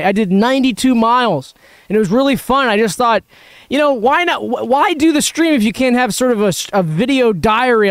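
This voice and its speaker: A man's voice: very high-pitched, smooth, dry recording. A man hosting a casual livestream outdoors at a backyard cookout, telling rambling stories with lots of restarts. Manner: rambling storyteller, many restarts. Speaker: host.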